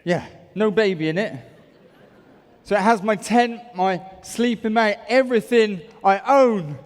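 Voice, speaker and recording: A man's voice: high-pitched, unhurried. Motivational speaker, male, from the UK, playful crowd banter, hall reverb. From United Kingdom. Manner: energetic, jokey, bantering with the crowd. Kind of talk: stage talk to a large audience. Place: large auditorium. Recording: echoey large hall.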